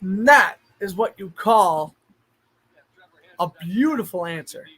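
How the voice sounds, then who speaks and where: A male streamer with a notably high voice talks casually to his chat. He thinks out loud as he goes and now and then breaks into excited outbursts. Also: slow pace, noisy background. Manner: chatty, thinks aloud, bursts of excitement. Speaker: streamer host.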